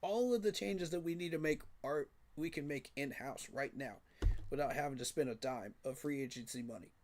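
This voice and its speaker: A man's voice: a little high, fairly quick, darkish tone, slight background noise. A man giving a frustrated, emphatic postgame reaction rant, repeating his points for emphasis. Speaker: sports fan commentator.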